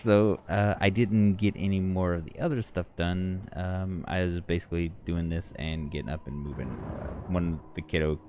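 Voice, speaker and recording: A man's voice: sits low, fairly even intonation, moderate pace, hardly any pauses, darkish tone, a little hiss or hum. A tired man giving rambling, chatty commentary over his own gameplay, often correcting himself as he goes. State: tired, yawning. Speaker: gaming channel host.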